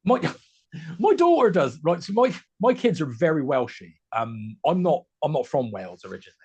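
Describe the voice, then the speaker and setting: A man with a West Country English accent talks casually as a guest on a comedy podcast, his voice husky and a little breathy. He stumbles and restarts his thoughts often, fillers between nearly every phrase, as heard over a video call. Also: a little high, big pitch swings, darkish tone, lo-fi sound. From West Country, England. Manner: halting, many restarts and fillers.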